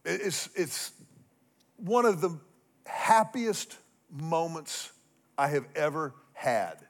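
A middle-aged man preaching a sermon as a pastor, telling a story with humor and animated swings between loud and soft. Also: a little high, takes it slowly.

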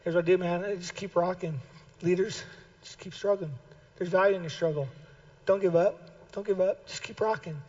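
A man with a notably high voice preaches a sermon. He drives home his points by repeating phrases and swells into shouted calls to his listeners. The recording sounds dull and lo-fi. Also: steady tone, moderate pace. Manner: impassioned, builds to shouted exhortation; repeats key phrases for emphasis. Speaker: pastor.

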